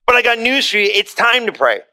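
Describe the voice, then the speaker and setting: A man preaching a sermon to a congregation, talking casually and swinging between loud quoted scripture and soft, low asides. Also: very animated, brisk. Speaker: pastor. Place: church in front of a congregation.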